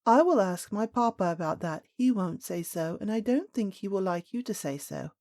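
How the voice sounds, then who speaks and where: Woman doing a calm little princess girl. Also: medium pitch, normal speed, no echo, studio quality, lightly acted. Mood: calm dignified. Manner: quiet, composed, dignified.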